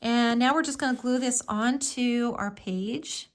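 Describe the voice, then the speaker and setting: A middle-aged woman with a fairly high voice walks viewers through a live craft project. She chats along enthusiastically, filling pauses with little ums as she works. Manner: chatty and enthusiastic, with frequent fillers. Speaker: crafting tutorial host.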